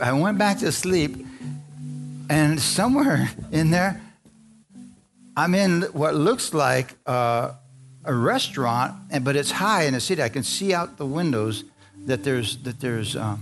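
A man's voice: fairly high pitch, lively intonation, moderate pace. A man preaching a sermon, telling a personal story in a conversational way and calling out to the congregation. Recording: music playing behind.

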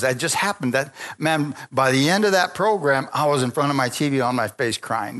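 A middle-aged male pastor delivering a sermon in a mid-pitched voice. He tells personal stories with animation and acts out the voices of the people in them. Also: moderate pace. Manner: animated storytelling, acting out voices.

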